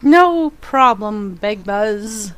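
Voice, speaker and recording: Slow-talking, smooth-voiced woman streamer. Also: mid-range voice, animated, fairly bright tone, no echo. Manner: chatty, giggly, reacts to chat. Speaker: game streamer. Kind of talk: casual chat with live viewers.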